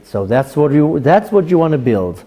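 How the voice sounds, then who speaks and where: A man's voice: fairly high pitch, normal speed. A man, a rabbi, teaching a Torah class to a live audience and acting out little dialogues as he goes. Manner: animated, acts out dialogues.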